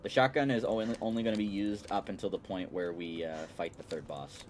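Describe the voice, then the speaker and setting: Low-voiced male gaming streamer, chatty play-by-play with jokey asides, steady noise underneath. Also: a little fast. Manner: chatty, explaining strategy with playful asides. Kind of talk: casual game commentary.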